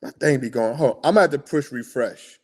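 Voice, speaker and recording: A man hosting a casual sports talk livestream, slangy and excitable, rambling about his picks. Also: medium pitch, fast talker. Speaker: sports podcast host.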